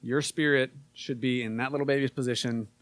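A man preaching a casual sermon, relaxed and conversational with frequent fillers, and more emphatic when he reads scripture. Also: mid-range voice, fairly quick, no room sound. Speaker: pastor.

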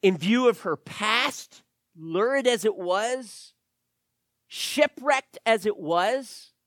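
Pastor guy preaching, big ups and downs, goes loud then real quiet, dry close sound. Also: high-pitched, dry recording. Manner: dramatic swings between loud emphasis and hushed near-whispers. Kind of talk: sermon.

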